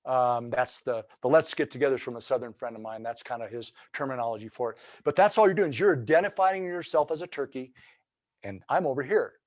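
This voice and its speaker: A man's voice: mid-range voice, brisk, dry recording, clean studio sound. Folksy man teaching turkey calling. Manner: folksy, loose and explanatory, with many restarts. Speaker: turkey hunting instructor. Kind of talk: webinar lesson.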